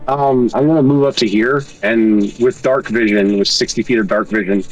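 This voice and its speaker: A man's voice: medium pitch, steady tone, normal speed, lo-fi sound, faint music behind. A man playing a tabletop game, talking hesitantly as he thinks aloud. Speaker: player. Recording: voice a bit far from the mic.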